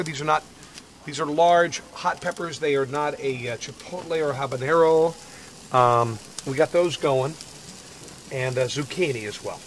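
Upbeat jokey man, fairly high voice. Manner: upbeat, jokey, gets loud and excited. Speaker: home cooking host. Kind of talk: casual cooking demo. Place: outdoor backyard grill area. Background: faint burner roar and outdoor noise.

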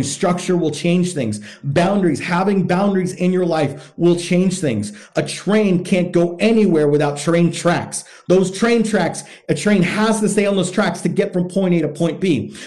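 With a high-sitting voice and a darkish tone, this podcast host and men's coach delivers a motivational monologue to other men. He is blunt, emphatic and profane, driving his main points home by repeating them.

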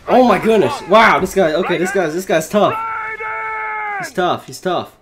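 A man giving live gameplay commentary from his bedroom, excitable and quick to shout and laugh. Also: high-pitched, music in the background. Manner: excitable, loud exclamations and laughs. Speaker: gaming YouTuber.

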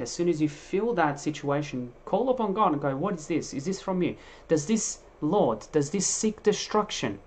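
A man delivers a fiery, animated sermon, growing loud for emphasis before sinking back down. As he works through scripture he trips over words and starts again, giving the impression he is speaking off the cuff instead of reading.

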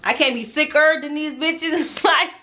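A young woman telling a personal storytime on her channel in a casual, animated way, laughing, swearing freely and talking straight to her viewers. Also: sits high, a little slow. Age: young adult. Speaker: storytime vlogger.

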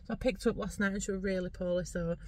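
A woman's voice: mid-range voice, fairly even intonation, racing, slight background noise. Giggly woman rambling in a car. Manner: rambling, giggly and salty-tongued. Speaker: vlogger. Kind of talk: casual chat to camera. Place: parked car, driver's seat.

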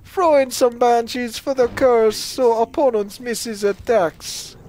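A man puts on a made-up accent to read a note aloud, his voice pushed well up in pitch. He stretches each line slowly in a sing-song, mock-serious way. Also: darkish tone, slight background noise. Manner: slow, high, sing-song reading.

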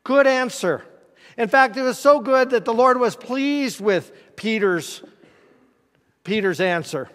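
A man's voice: extremely high pitch, lively intonation, takes it slowly, a bit bright. A man preaching a conversational sermon as pastor, folksy and asking the congregation questions in a church sanctuary. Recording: reverberant church hall.

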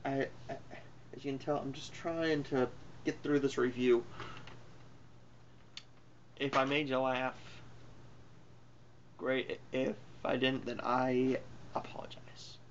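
A man's voice: medium pitch, little pitch movement, takes it slowly, long pauses, dull audio, a little hiss or hum. A man giving a casual spoken movie review in a rambling, offhand way, full of fillers and self-corrections. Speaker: film reviewer.

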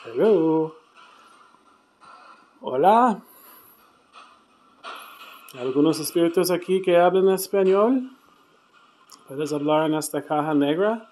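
A man records a solo ghost hunt in a dark hotel room at night. His voice sits a little high and he keeps it hushed as he calls out to any spirits, and it comes through a handheld camera mic. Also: normal speed, a little hiss or hum. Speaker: paranormal investigator. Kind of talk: solo ghost-hunting vlog.

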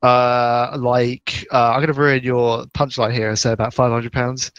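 A man's voice: mid-range voice, little pitch movement, measured pace, a bit bright, clean tone, no echo, lo-fi sound. A man co-hosting a podcast from the spare room where he keeps his computer, dropping dry quips in casual chat. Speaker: podcast co-host.

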